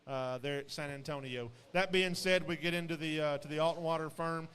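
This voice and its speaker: Man, sale-barn commentator, higher voice, rambling folksy delivery, long hall echo. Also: fairly even intonation, a little fast, a bit bright. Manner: rambling, folksy, frequent fillers and restarts. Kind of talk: live auction commentary on show pigs.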